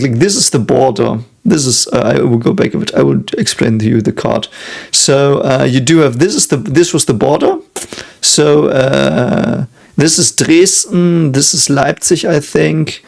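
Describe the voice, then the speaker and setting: A German man with a German accent talking in English, chatting casually over a show he is watching. His mid-pitched voice has a gravelly, fry-laden edge. He hesitates constantly, stacks up fillers and restarts, and breaks into little chuckles. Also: a little mellow. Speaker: reaction video host. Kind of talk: casual reaction commentary.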